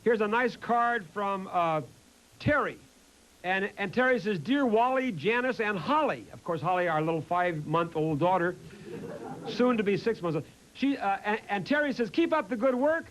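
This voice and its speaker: A man hosting a combative talk show, mocking letter writers and shouting his opinions. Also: high-pitched, animated, moderate pace, slight background noise, low-quality recording. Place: TV studio with live audience. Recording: loud cheering studio crowd.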